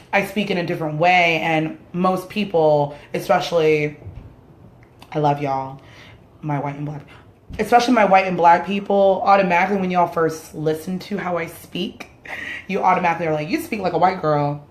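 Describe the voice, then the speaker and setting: A woman whose first language is Spanish vents her opinions to the camera, blunt and unfiltered, with swearing sprinkled throughout. Her voice sits a little low for a woman. The room around her rings with a noticeable echo. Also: normal speed. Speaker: vlogger. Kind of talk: casual opinion rant to camera. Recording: roomy echoey room sound.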